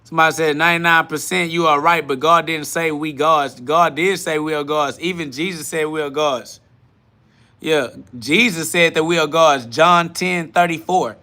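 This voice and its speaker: A man's voice: a little high, fairly even intonation, moderate pace, pushed and bright. A man hosting a live-streamed podcast from his home garage, answering chat in a brash, profane, confrontational way. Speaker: livestream podcast host.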